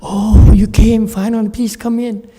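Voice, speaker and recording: A man's voice: medium pitch, moderate pace, warm tone, husky, long reverb tail. A man voicing a gracious old temple abbot who greets guests effusively. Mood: delighted.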